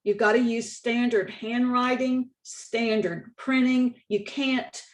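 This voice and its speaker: A woman with a Texan accent giving a conference talk on spelling contests, walking through slides in a measured, instructive way. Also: a little high, fairly even intonation. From Texas. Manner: measured, instructive, reads example quotes aloud. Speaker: state contest director.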